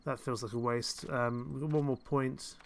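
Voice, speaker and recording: His voice is mid-range and creaky, with fairly even intonation at a normal speed. This young man streams gameplay live, offering casual commentary that rambles and mocks himself, often chuckling.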